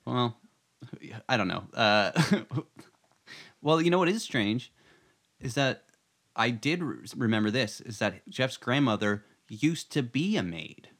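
A man's voice: medium pitch, very animated, slow, pauses often, fairly bright tone. A man co-hosting a casual chat about a TV episode, joking and laughing as he retells scenes. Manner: joking, laughs often, jumps into quoted voices. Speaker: podcast co-host.

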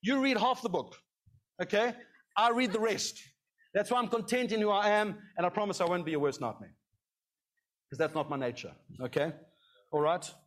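High-voiced male pastor preaching. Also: moderate pace, pauses often, fairly bright tone. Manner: conversational, repeats "okay?" to the congregation. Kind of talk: sermon.

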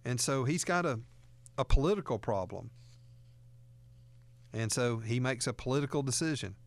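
A man's voice: medium pitch, normal speed, no room sound. A man hosting a radio talk show, teaching and reading scripture aloud in an earnest way.

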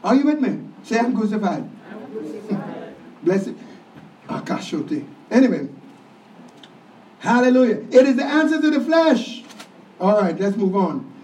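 A man's voice: high voice, big pitch swings, unhurried, pauses often, a little mellow, slight background noise. A man preaching a sermon, emphatic, often calling out to the congregation for a response. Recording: roomy, distant, dull church sound.

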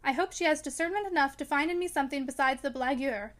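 A touchy, charming young man from a storybook, read aloud by a woman, firing off emphatic questions. The voice sits high. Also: fast talker, close to an everyday voice. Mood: indignant.

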